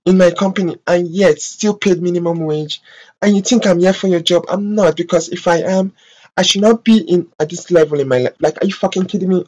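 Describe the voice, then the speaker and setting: A vlogger from Africa, ranting to camera in an impassioned, profane and exasperated way, with drawn-out filler sounds. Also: medium pitch, poor audio. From West Africa. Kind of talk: emotional vlog rant to camera.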